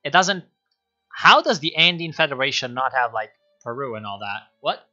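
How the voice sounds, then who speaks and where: A man streaming a strategy game, excitable, swearing and laughing as he comments on his moves. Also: mid-range voice, moderate pace, dull audio, soft background music.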